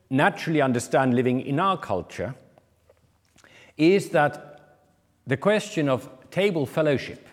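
A man's voice: mid-range voice, a little mellow, big-room sound. A man preaching a sermon, explaining a parable and briefly acting out the people he quotes. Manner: explanatory, acts out quoted speakers.

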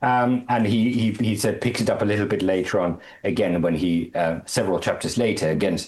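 Low-voiced guy teaching bible study, stumbles n repeats words, gets emphatic on quotes. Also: steady tone, darkish tone. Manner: halting, repeats words, stresses phrases with rising pitch.

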